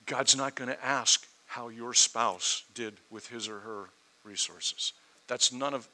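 A man's voice: medium pitch, pushed and bright, poor audio. A man preaching a sermon verse by verse, asking the listeners rhetorical questions and growing more fervent as he goes. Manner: expository preaching, rhetorical questions, rising in fervor.

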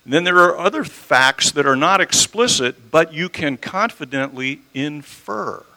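A man's voice: on the high side, lively intonation, a little slow, sharp tone, low-quality recording. A man preaching an expository sermon as a pastor in a church, talking conversationally and asking his listeners questions. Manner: conversational, asks the audience questions. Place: church sanctuary.

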